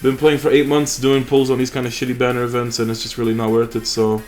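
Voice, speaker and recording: A man's voice: mid-range voice, completely flat delivery, fast talker, a little mellow, soft background music. A young man hosting a mobile game channel, chatting casually and rambling with fillers and restarts over his gameplay.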